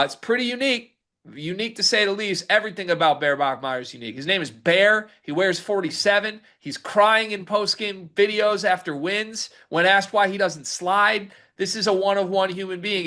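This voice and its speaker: Male sports talk host, fairly high, bright voice, loose chatty delivery. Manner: chatty, animated, reads quotes aloud.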